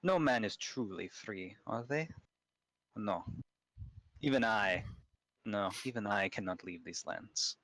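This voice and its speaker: A brooding, imperious vampire lord of a tabletop game, as a man puts him on. He speaks in a slow, formal, measured way with a put-on accent, in a lowish voice. The sound is dry and close. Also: a bit bright, no echo, poor audio.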